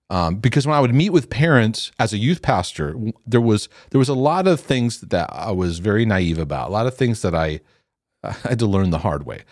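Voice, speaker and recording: A man's voice: on the low side, moderate pace, no room sound, studio quality. A middle-aged man, a former youth pastor, telling stories in casual teaching talk and acting out the quotes. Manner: animated storytelling with acted quotes and restarts.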